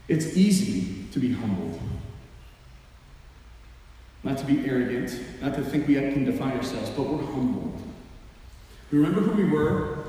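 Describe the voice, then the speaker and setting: A man's voice: mid-range voice, dark tone. Man preaching in a very echoey hall. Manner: earnest preaching, acting out prayers aloud. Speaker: pastor. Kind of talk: sermon. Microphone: headset mic. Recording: very echoey hall, faint ambience.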